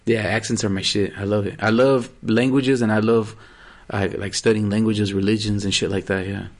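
A man's voice: on the low side, steady tone, moderate pace. A man in casual podcast chat, talking loosely with plenty of swearing and laughter. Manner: loose, profane, laughing, playful.

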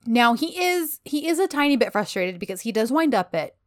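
A woman's voice: fairly high pitch, a little fast. A woman in her thirties co-hosting a casual chat, gushing as she retells scenes from a TV show and acts out the characters' lines. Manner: gushing, animated retelling with quoted dialogue. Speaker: podcast co-host.

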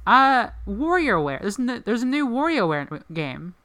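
A woman's voice: a little high, big pitch swings, normal speed, fairly bright tone, dry recording. A woman co-hosting a podcast in casual chat, rambling with lots of "like" fillers. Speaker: podcast co-host.

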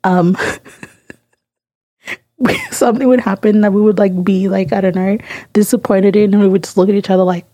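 A woman's voice: mid-range voice, fairly even intonation, moderate pace, pauses often, dark tone, no echo, studio quality. A young woman co-hosting a podcast, cracking teasing quips and giggling. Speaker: podcast co-host. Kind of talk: casual podcast banter.

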